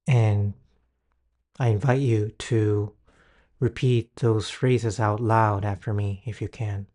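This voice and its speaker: A man with a low, mellow voice leads a guided healing meditation. He talks very slowly and gently, leaving long pauses between instructions and phrases. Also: steady tone. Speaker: guided healing session leader.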